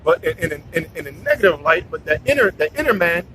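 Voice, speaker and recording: A man's voice: a little high, sing-song, quick pace, sharp tone, a little hiss or hum, rough recording. A man giving a casual scripture talk, preachy, repeating himself and restarting his sentences. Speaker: bible teacher.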